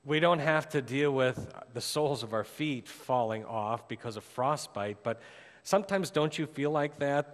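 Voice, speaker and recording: In a church sanctuary, a pastor who is an adult with a daughter preaches a sermon built around a story. He rises for drama and drops to a hush for emphasis, and the hall's reverb lingers long.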